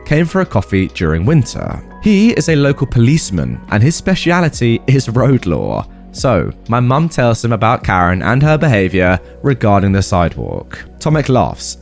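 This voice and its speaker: Animated male storyteller over soft music. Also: medium pitch, creaky. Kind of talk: reading a story, then casual commentary.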